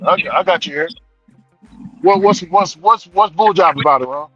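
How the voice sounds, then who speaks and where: A man telling a story from his vehicle, animated and repeating himself as he acts out the people in it. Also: sits high, normal speed, dry recording, recorded from a distance, lo-fi sound. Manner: animated, repeats words, acts out quoted voices. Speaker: delivery driver telling a story. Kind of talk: casual storytelling vlog. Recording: voice a bit off-mic, faint music behind.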